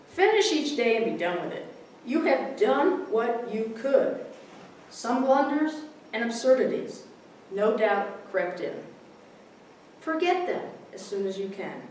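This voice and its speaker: This female minister's voice sits on the high side and swings widely in pitch as she talks at an unhurried pace. Her relaxed sermon weaves readings together with a comic story, and she laughs at her own jokes warmly. The audio, with a little hiss or hum, places her far away in a very echoey hall with a congregation.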